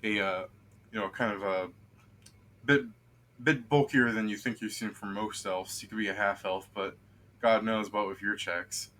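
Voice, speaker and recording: Game master for a streamed tabletop session; man, lowish voice, bright forward tone, chatty and rambling. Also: steady tone, moderate pace. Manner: rambling, laughing, with many fillers.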